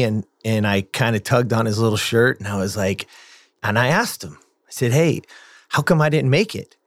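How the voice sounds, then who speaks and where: A man's voice: medium pitch, no room sound, clean studio sound. A man guest on a podcast, telling a personal story in a casual, earnest way with frequent restarts.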